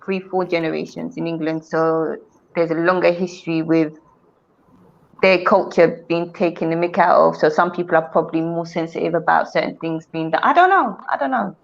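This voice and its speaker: A woman's voice: lowish voice, moderate pace, gravelly. A woman with an Ethiopian accent, a guest on a live stream, speaking thoughtfully and often hedging her views. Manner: thoughtful, hedging, often says she doesn't know. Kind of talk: casual chat. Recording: dull lo-fi stream audio.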